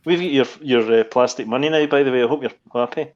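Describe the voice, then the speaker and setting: Fast-talking Scottish man with dry banter. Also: medium pitch, muffled recording. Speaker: podcast co-host. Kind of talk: casual chat.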